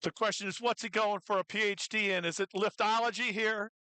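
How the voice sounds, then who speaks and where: A bright, forward voice calls a live weightlifting meet, reading out attempts and weights. Between lifts the commentator trades jokey asides, then breaks into loud, rising cheers for the lifters. The sound is dry and close. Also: mid-range voice, steady tone, fairly quick, smooth, dry recording, rough recording.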